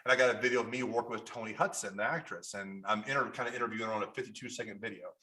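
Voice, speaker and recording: A man with a Kentucky accent talks quickly as a podcast guest, his voice bright and forward. He rambles through anecdotes, restarts his sentences and acts out the people he quotes. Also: on the low side. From Kentucky, USA. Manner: animated storyteller, restarts often, acts out quotes. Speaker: guest photographer. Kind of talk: casual interview chat.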